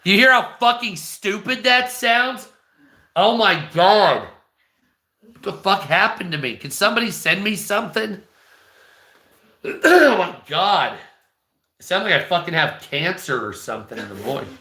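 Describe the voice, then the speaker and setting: A man with a hoarse, strained voice, talking bluntly and profanely in a rambling vlog monologue. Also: sits high, expressive, measured pace, pauses often, sharp tone, roomy sound. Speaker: online video creator. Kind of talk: casual ranting monologue.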